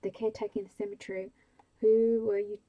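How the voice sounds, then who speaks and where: A woman reading a bedtime story aloud, giving the lines of a kindly, firm male policeman in a soft-spoken voice. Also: medium pitch, flat delivery, quick pace, highs cut off, natural voice. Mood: fatherly. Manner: gently firm, fatherly. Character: kindly middle-aged male country policeman.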